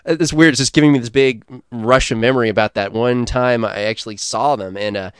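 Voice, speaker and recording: A man co-hosting a casual talk show, telling a rambling story and doing loud imitations of crowd chants. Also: medium pitch, a little fast, clean tone, no room sound, clean studio sound. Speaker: podcast co-host. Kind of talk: casual chat.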